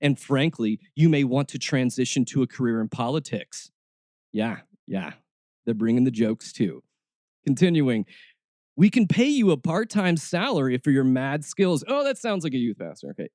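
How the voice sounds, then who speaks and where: Snarky male podcast host, sarcastic commentary, lively swooping pitch, dry close sound. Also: normal speed, no room sound. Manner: snarky, mocking, laughs at his own jokes. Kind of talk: sarcastic commentary reading a job ad aloud.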